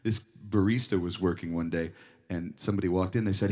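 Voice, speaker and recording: A man's voice: sits low, fairly even intonation, a little fast, darkish tone. A man, a singer-songwriter and guitarist, chatting and telling rambling stories to a small crowd between songs at an in-store show. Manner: chatty, rambling storyteller, self-described nervous talker. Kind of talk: live stage banter between songs. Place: record store in-store performance.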